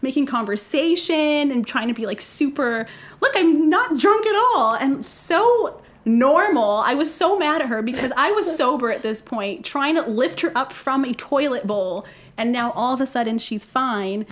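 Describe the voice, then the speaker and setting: A young woman recounting a story on a podcast, her voice sitting a little higher than most. She talks casually, throws herself into the quoted lines and breaks into laughter now and then. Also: normal speed. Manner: animated, acts out quotes, laughs often.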